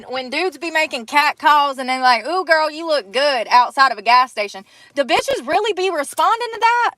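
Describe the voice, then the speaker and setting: A young woman ranting bluntly and profanely on a casual live stream, exasperated and loud-mouthed. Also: high-pitched. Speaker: livestreamer.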